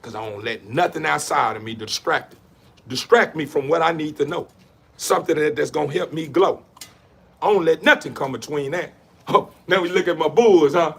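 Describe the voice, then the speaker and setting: A man's voice: a little high, normal speed, gravelly, fairly bright tone, breathy edge. A man giving a rambling, preachy motivational monologue in street slang, with lots of repetition. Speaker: dog breeder talking to camera.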